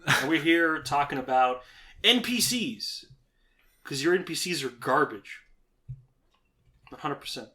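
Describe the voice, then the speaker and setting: A man co-hosts a casual gaming podcast with a slightly high voice. He keeps the banter loose and jokey, laughing often and drifting into silly put-on voices. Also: expressive, unhurried, pauses often, bright, forceful tone. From Canada. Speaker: podcast host.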